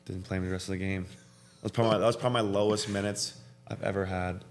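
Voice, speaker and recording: Young male guest, low voice, relaxed, agreeable; slight hum behind. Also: fast talker. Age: young adult. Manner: easygoing, agreeable, lots of "yeah" and "like". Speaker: college basketball player, guest. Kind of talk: casual interview chat.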